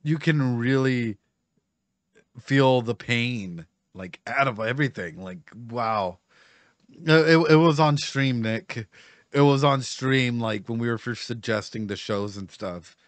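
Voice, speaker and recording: A man's voice: medium pitch, measured pace, dry recording. A man giving casual reaction commentary as a streamer, emotional, laughing often and swearing.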